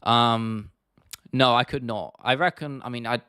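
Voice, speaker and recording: Young male streamer, mid-pitched, easygoing and sweary, dry close mic. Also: measured pace, bright, forceful tone, clean tone, dry recording. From United Kingdom. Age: 20s. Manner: laid-back, sweary, laughs often. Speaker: livestream host. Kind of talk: casual livestream Q&A.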